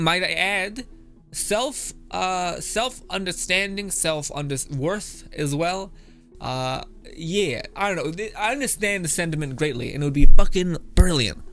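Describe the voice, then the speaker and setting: A man's voice: on the high side, fairly bright tone. A man reacting to internet memes in casual commentary, laughing often, swearing, and rambling off into asides. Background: background music.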